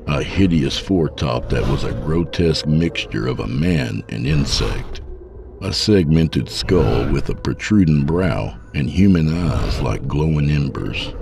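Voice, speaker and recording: A man narrating a first-person horror story in a measured, descriptive way. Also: rumbling low, gravelly.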